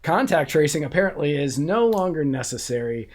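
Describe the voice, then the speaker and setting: Man, podcast co-host, fairly high voice, chatty, laughs a lot. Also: expressive, a little fast. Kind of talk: casual political banter.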